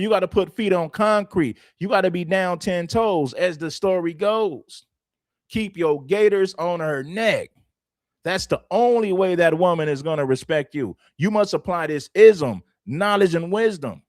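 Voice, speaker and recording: A man's voice: high voice, no echo, studio quality. Blunt, preachy man talking to his stream. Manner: blunt, preachy, repeats phrases for emphasis. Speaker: livestream host. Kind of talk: opinionated livestream commentary.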